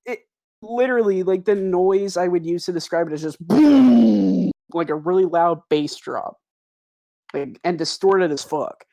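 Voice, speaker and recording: A man's voice: high voice, expressive, a little slow, creaky, dark tone. A young man telling a long, profane story in a casual voice chat with friends, laughing as he goes.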